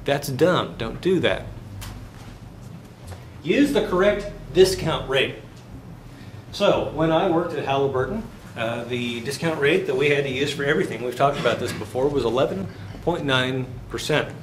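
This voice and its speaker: A man's voice: mid-range voice, lively intonation, normal speed, a little hiss or hum. A man lecturing a finance class in a chatty way, telling stories and throwing questions at the students. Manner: chatty, tells anecdotes, quizzes the class.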